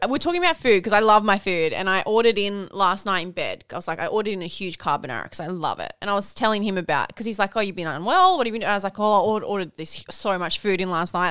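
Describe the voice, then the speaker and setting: A woman's voice: mid-range voice, clean tone, no room sound. A woman in her thirties from Australia, co-hosting a podcast and telling a story with lots of laughter. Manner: giggly, animated storytelling. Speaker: podcast co-host. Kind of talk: casual chat.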